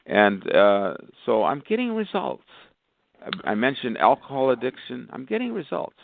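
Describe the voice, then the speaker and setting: A man's voice: mid-range voice, big pitch swings, normal speed, creaky, no echo. A male physician guest talking with enthusiasm on a phone interview, rambling through long lists. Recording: tinny phone line, dry.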